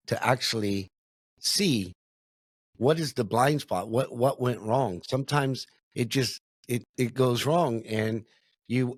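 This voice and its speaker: A man's voice: medium pitch, no room sound. Man, middle-aged, podcast host, reflective, casual, dry close sound. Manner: reflective, with many filler phrases. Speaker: podcast host, sales consultant.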